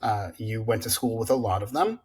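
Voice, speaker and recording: A man's voice: lowish voice, animated, fairly quick, husky. A man co-hosting a podcast in casual chat, rambling with many fillers as he sets up a topic. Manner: rambling, filler-heavy storytelling. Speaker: podcast co-host.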